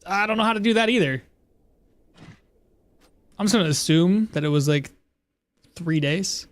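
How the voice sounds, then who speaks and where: A man's voice: high-pitched, moderate pace. A man giving casual, rambling gameplay commentary as a streamer, often laughing at himself. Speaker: game streamer.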